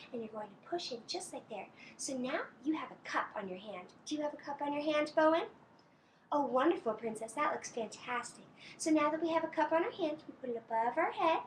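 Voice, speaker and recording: A young woman playing a sweet, doting princess in a birthday greeting, talking slowly and sing-song to a small child with soft giggles and pauses for answers. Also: high voice, slight background noise. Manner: talks slowly to a toddler, pausing for answers. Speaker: costumed princess character.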